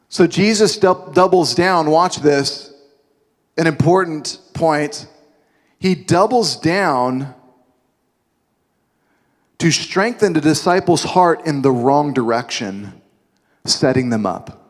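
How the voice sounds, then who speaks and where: A man's voice: a little high, takes it slowly, long pauses. A male preacher telling a Bible story dramatically, with asides, in a large sanctuary. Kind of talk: sermon. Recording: long hall reverb.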